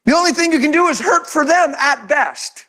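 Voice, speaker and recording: A man preaching a sermon as pastor, animated and conversational, often laughing and acting out quotes. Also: very high-pitched, brisk.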